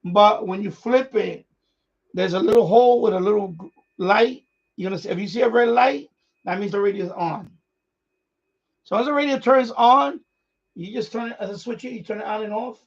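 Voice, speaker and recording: Guy rambling on a radio live stream, gravelly high voice, kinda dull lo-fi sound. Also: moderate pace, pauses often. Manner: rambling, repeats himself, chuckles often. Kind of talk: casual live-stream chat.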